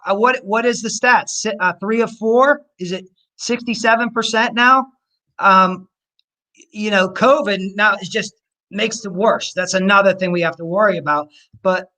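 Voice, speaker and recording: A man's voice: sits high, pushed and bright, rough recording. A man, a personal trainer, answering interview questions in a rambling, coach-like way. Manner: rambling, full of fillers and restarts, coach-like encouragement.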